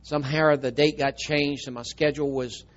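Preacher, loud then hushed. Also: male voice, fairly high pitch, fairly even intonation, moderate pace, lo-fi sound. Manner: swings from loud emphatic telling to soft tearful hush. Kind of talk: storytelling sermon.

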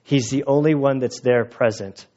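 At an outdoor church gathering, a male pastor preaches a sermon, telling stories conversationally and getting emotional at times. His voice is medium-pitched and dark-toned at normal speed, and the audio is dull.

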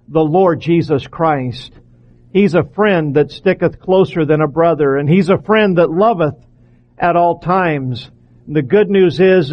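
In a sermon full of earnest pleading, a male preacher drives his points home by repeating them. His voice is high for a man, and the audio comes across as somewhat dull and lo-fi.

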